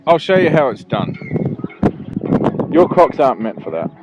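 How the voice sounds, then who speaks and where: A man's voice: medium pitch, sing-song, moderate pace, dull audio, very noisy. A man joking and teasing during a family outing, calling out playful commentary. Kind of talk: casual family banter.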